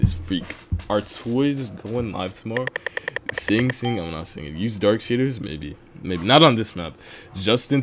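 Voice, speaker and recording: A man streaming a video game and chatting with viewers, excitable and quick to yell, his voice a little strained from talking for so long. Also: fairly low pitch, a little hiss or hum. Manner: excitable, breaks into yelling and laughing bursts. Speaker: streamer host. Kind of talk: casual gaming livestream commentary.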